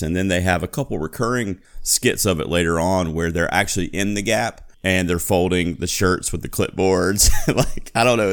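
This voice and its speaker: A man's voice: deep voice, smooth. A man co-hosting a casual podcast, laid-back and laughing often, reminiscing about sketches. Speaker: podcast co-host. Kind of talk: casual chat.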